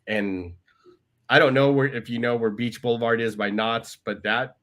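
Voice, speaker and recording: A man's voice: mid-range voice, steady tone, moderate pace, a bit bright. A man, a podcast guest telling his life story in a conversational way, often tagging lines with "right?". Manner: conversational, tag questions, quoting others. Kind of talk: storytelling interview.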